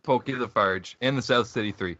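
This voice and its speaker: A man co-hosting a podcast, telling stories in a relaxed, profane, laughing way. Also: medium pitch, fairly quick, dull audio. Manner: laid-back, profane storyteller, laughs often. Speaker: podcast co-host. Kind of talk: casual chat.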